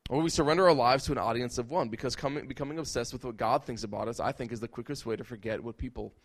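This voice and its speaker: Male preacher, mid-pitched, quick, emphatic sermon delivery. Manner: emphatic, rhetorical questions and repetition.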